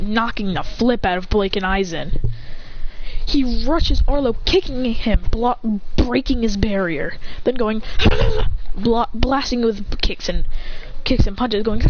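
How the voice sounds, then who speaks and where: A woman with a fairly high voice tells a homemade action story in a loose, casual way, chaining one move after another in run-on sentences. The sound is a little dull and lo-fi, with a faint hiss.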